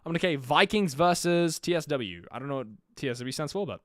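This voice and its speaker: A young man live-streaming his own commentary on an esports match, chatty with jokey asides and bursts of energetic play-by-play. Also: on the high side, fast, dry recording, studio quality.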